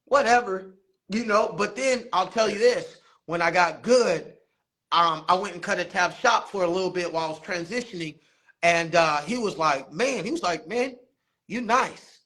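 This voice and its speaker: Guy with a high bright voice, chatty barber telling stories. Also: moderate pace. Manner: animated storytelling, laughs often, acts out quotes. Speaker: guest barber and basketball coach. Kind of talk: casual interview chat.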